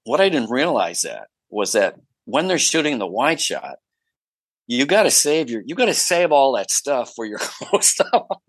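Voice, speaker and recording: A man being interviewed as an actor guest, telling anecdotes in an animated way. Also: mid-range voice, unhurried, husky, no echo, low-quality recording. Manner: animated storyteller with many fillers and restarts.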